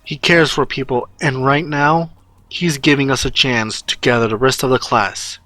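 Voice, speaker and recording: A man voicing an emotional, tearful schoolgirl in a fan story reading, pleading and scolding in a high pitch. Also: fairly even intonation, moderate pace, bright, forceful tone, no room sound, lightly acted. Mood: frustrated. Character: tearful anxious girl student, emotional.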